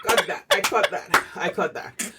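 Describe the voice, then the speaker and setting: A man's voice: sits high, measured pace. A man co-hosting a podcast, chiming in with joking asides and affirming hums. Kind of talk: casual conversational chat. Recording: loud background noise.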